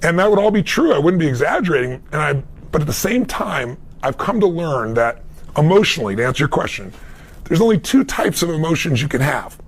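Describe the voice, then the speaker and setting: Gravelly emphatic male motivational speaker. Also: a little high, very animated, fairly quick. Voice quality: gravelly, husky. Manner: emphatic storytelling, shifting loud and soft. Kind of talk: conversational interview answer.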